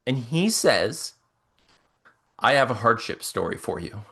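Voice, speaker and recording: Animated young man telling a rambling story. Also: mid-range voice, unhurried, vocal fry, breathy edge. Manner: animated, rambling, acts out quotes. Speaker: podcast co-host. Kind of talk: casual storytelling chat.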